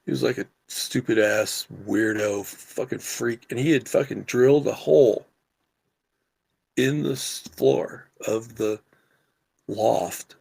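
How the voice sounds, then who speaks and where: A middle-aged man co-hosting a podcast, telling a story in casual, animated chat and swearing freely. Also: medium pitch, takes it slowly, no room sound. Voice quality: gravelly, husky. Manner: animated, profane storyteller who yells quoted lines. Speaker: podcast co-host.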